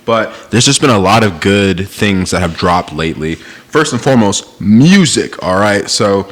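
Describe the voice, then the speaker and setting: A man's voice: on the low side, animated, measured pace. A man hosting a podcast, chatting casually about new music in a laid-back, rambling way with plenty of slang and filler. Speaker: podcast host.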